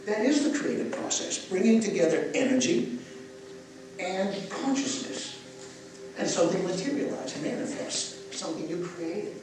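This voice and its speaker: Older man, high-ish voice, guides breathing with easy humor, recorded far off in a roomy hall. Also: big pitch swings, normal speed, over music. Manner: gentle guiding questions, joking asides. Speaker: breathwork teacher. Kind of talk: guided breathwork talk to a live audience. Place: large echoey event space. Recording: echoey, distant live event recording with ambience.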